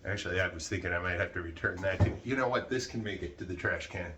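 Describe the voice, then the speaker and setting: A man talking casually to his viewers while clearing out clutter, rambling and self-mocking, swearing as he gets worked up. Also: low-pitched, quick pace, noisy background. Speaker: vlogger. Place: cluttered room indoors.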